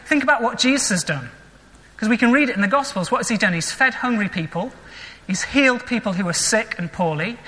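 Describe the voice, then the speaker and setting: Vicar, bright voice in a reverberant church. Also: mid-range voice. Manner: earnest, reflective preaching with rhetorical questions. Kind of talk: sermon. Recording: long echoing church reverb.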